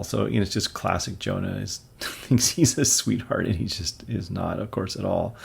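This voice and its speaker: A man's voice: deep voice, normal speed, vocal fry, breathy edge. A man casually reviewing and reading a comic book aloud, chatty and amused, with jokey asides.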